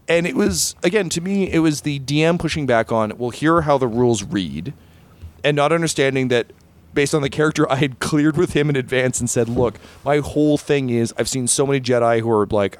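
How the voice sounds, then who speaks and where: A man's voice: mid-range voice, a little fast. A man chatting casually on a podcast as a game master, telling stories with lots of acted-out quotes. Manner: animated storyteller, acts out quoted voices.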